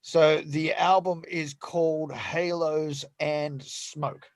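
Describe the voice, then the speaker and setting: A man's voice: on the high side, fairly even intonation, takes it slowly, no room sound. A middle-aged man with an Australian accent, hosting a chatty interview with enthusiastic, stumbling restarts. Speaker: podcast host. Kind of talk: casual interview chat.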